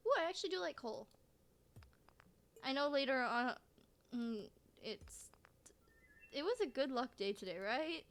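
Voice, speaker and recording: A woman's voice: sits high, animated, measured pace, long pauses. A woman streamer giving casual let's-play commentary, rambling to herself with frequent restarts and giggles. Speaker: game streamer.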